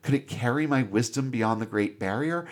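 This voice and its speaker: A man voicing a smug, solemn godlike male entity in a slow, lowered, hushed delivery. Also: natural voice.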